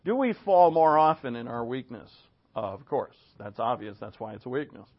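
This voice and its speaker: A man preaching a sermon to his congregation in an animated, conversational way, asking rhetorical questions as he goes. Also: mid-range voice, normal speed, dull audio. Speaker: pastor. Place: church.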